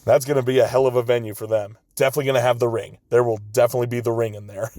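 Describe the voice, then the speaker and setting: A man's voice: mid-range voice, steady tone, very fast, few pauses, darkish tone, no echo, studio quality. Chuckling man reading local show listings. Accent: American. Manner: laid-back, chuckles often, brief asides. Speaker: podcast host.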